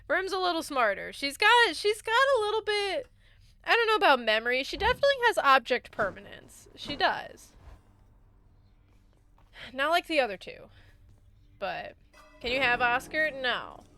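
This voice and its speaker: A woman's voice: sits high, very animated, unhurried, pauses often, bright, forceful tone, no room sound. A young woman streamer chatting casually, telling stories with frequent giggles. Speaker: game streamer.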